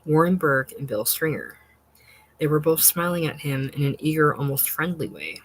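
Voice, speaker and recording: Measured, expressive short-story narrator. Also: medium pitch, rough recording. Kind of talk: literary short-story reading.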